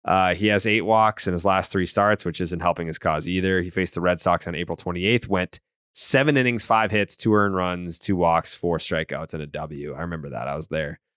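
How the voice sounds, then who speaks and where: A man with a lowish voice hosts a casual sports podcast, reeling off baseball numbers and goofing through ad reads. His voice comes across smooth and clear. The sound is close and dry, with no room to it. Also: steady tone, moderate pace, a bit bright, no room sound. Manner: reads ad copy jokingly, rattles off baseball stats. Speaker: podcast host.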